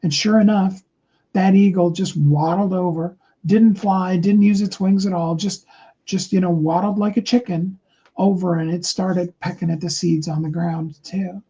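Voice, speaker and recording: Husky, mellow man telling a story. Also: high voice, fairly even intonation, lo-fi sound. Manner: slow and deliberate, with many fillers and restarts. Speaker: motivational speaker. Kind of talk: motivational storytelling talk.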